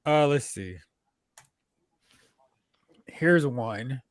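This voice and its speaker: A man chatting casually about a film with friends, giving opinions in relaxed banter. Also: mid-range voice, very slow, no room sound. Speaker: co-host. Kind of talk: casual chat.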